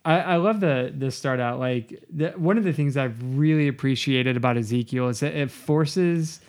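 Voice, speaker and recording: A man's voice: medium pitch, moderate pace. A man co-hosting a casual Bible study podcast who rambles, hunts for words and acts out bits of the story. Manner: rambling and animated, full of fillers, acts out voices. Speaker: podcast co-host.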